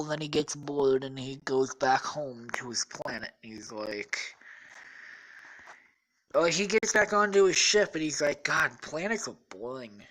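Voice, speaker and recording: A woman's voice: deep voice, rough recording. A tired woman hosting a podcast, improvising a rambling, profane story and correcting herself often. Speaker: podcast host.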